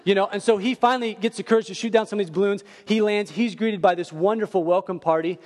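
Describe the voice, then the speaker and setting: Casting: high-pitched male preacher, animated storyteller, long hall reverb. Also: quick pace. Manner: animated storyteller, swings from quiet to near-shouting. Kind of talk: sermon with storytelling.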